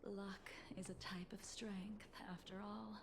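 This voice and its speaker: Whispered role-play, woman voicing a solemn game character, unvoiced whisper, gravelly, heavy hiss. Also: mid-range voice, little pitch movement, slow. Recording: loud noise under whisper.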